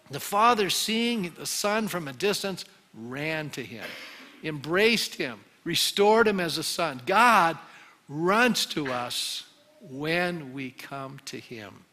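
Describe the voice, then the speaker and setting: A man preaching as a pastor, earnest and pleading, repeating phrases as he leads an altar call. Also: fairly high pitch. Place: church sanctuary. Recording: loud music under the voice. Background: music.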